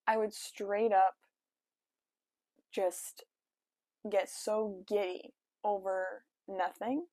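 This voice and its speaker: A woman's voice: mid-range voice, fairly even intonation, drawn-out words, pauses often, mellow, no room sound. Young woman vlogging at home, chatty, says like a lot, dry close sound. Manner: chatty, lots of "like" and self-quoting asides. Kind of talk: casual storytime chat.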